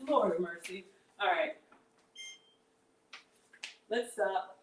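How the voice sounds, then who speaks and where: A woman's voice: on the low side, steady tone, takes it slowly, long pauses. A woman hosting a live cooking stream from her home kitchen, chatting straight to her viewers and reading out their comments. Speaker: cooking channel host.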